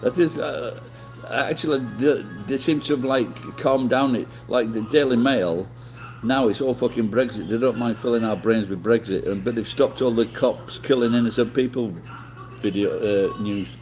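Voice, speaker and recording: With a darkish, mid-range voice at a moderate pace, this middle-aged streamer spins meandering tales for his chat. Swearing comes often, sentences get restarted, and soft music plays behind him.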